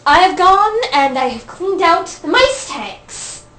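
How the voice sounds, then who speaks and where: A woman's voice: very high voice, big pitch swings, slow pace, fairly bright tone. A woman telling a comic personal story at an open mic, chatty and laughing often. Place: event room, audience present. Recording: echoey room, distant noisy mic.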